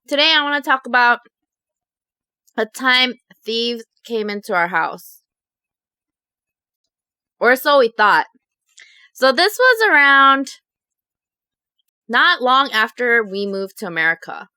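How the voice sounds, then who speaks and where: A young woman vlogger telling a story to her viewers in a chatty, animated way, full of fillers. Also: a little high, slow pace, long pauses, clear, resonant tone, no room sound, clean studio sound. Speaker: mukbang vlogger.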